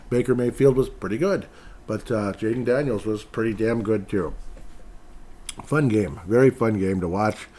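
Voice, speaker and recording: A man with a somewhat low voice rambles through casual sports talk as a podcast host. He swings from muttered, grumbling asides to sudden animated bursts. His delivery is loose and conversational, full of restarts and filler.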